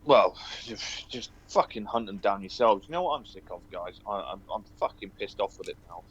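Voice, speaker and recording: Angry profane caller. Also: male voice, on the low side, expressive, brisk. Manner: angry, profane, rising to outbursts. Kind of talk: angry call-in rant. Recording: dull call audio with faint noise.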